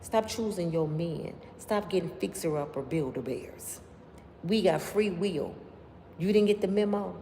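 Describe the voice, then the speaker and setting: A woman hosting a livestream, telling stories straight to her viewers in an animated, slangy way. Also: on the low side, unhurried. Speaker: livestream host. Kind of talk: casual storytelling to live viewers. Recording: long room reverb, faint background noise.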